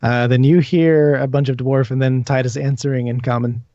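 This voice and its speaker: A man narrating a live tabletop game as dungeon master, hesitant and filling pauses with ums, on dull lo-fi audio. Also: mid-range voice, little pitch movement, mellow, no echo.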